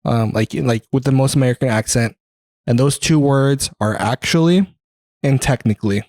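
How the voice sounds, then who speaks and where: A man's voice: mid-range voice, moderate pace, darkish tone, no room sound. A young man co-hosting a podcast, telling stories in casual chat, laughing often and swearing a lot. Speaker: podcast co-host.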